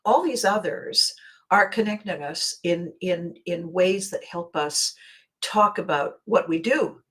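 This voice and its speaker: A woman's voice: fairly low pitch, slow, a bit bright, rough recording. Chatty woman host who laughs easily. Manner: chatty, laughs often, restarts sentences. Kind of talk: casual livestream chat.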